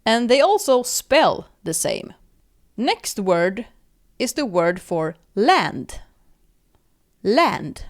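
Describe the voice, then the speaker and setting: A young Swedish woman teaches vocabulary in a patient lesson, saying each word several times for her listeners. She speaks very slowly, and her pitch rises and falls expressively. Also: very animated. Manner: repeats words slowly for practice, friendly address. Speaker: language teacher and podcast host. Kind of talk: slow, clear language lesson.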